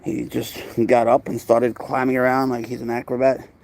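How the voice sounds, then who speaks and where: A man with a New York accent talks casually on a livestream, rambling from one thought to the next. He slips into soft, cooing baby talk whenever he turns to his cats. His pitch sits in a middle range for a man. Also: completely flat delivery, normal speed, vocal fry. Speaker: pet owner livestreaming. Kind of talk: casual live stream chat.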